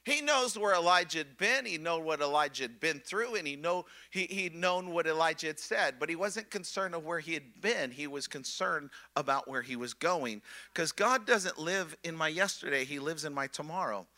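A man preaching with fervor, his voice pitched high and ringing bright. He stumbles over repeated words as he builds, then swings between near-shouting excitement and soft, hushed moments. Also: normal speed. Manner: impassioned, swings from loud excitement to hushed softness. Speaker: pastor. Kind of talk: sermon.

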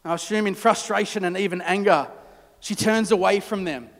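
A man preaching a storytelling sermon, dramatic, dropping to hushed tones at key moments. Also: sits high, normal speed, big-room sound. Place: church.

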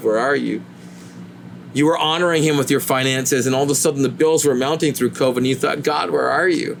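An earnest male preacher delivering a sermon at a medium pitch. When he voices pleading questions to God, his voice climbs higher. A faint hiss sits under the recording.

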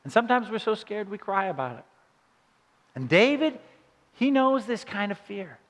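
A man preaching a sermon with dramatic delivery, dropping to hushed low passages and rising into emphatic questions. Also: lively intonation, normal speed. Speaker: pastor. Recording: long hall reverb.

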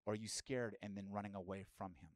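A man's voice: lowish voice, steady tone, fast talker, no echo. A man preaching a sermon as pastor, asking the listeners direct questions and rising into emphatic bursts.

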